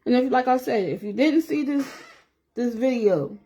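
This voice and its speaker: A woman's voice: high voice, expressive, moderate pace, warm tone, breathy edge. A woman in her forties chatting candidly to viewers on a livestream while doing her nails. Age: 40s. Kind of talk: casual chat on a livestream.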